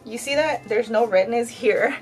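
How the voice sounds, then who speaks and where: With soft music underneath and poor audio, a woman in her thirties vlogs candidly while dyeing her hair, her talk full of fillers and occasionally tearful. Her voice leans high with a darkish tone and moves at a normal speed.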